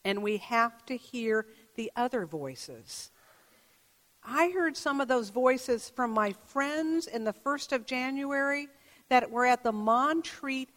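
A woman's voice: high-pitched, fairly bright tone. Woman pastor preaching in reverberant church. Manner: measured, reflective preaching with rhetorical questions. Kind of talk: sermon. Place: church sanctuary.

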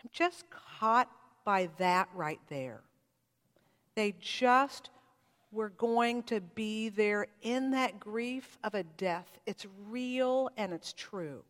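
Slow-spoken woman preacher in a reverberant hall. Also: mid-range voice. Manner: heartfelt, reflective preaching with rising emphasis and quiet pauses. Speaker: pastor. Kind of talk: sermon.

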